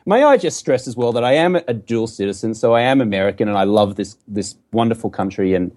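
A man's voice: lowish voice, animated, brisk, a little mellow. A man with an Australian accent, a guest talking in a casual podcast conversation about going without alcohol, upbeat and emphatic, cracking jokes. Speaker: guest, sobriety coach.

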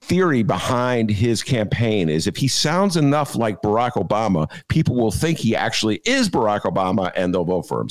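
A man's voice: lowish voice, sing-song, normal speed, few pauses. A man hosting a podcast, chatting in a rambling, jokey way with many filler "uh"s and laughing at his own jokes. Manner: jokey, digressive, full of filler "uh"s. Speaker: podcast host. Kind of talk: rambling comic chat.

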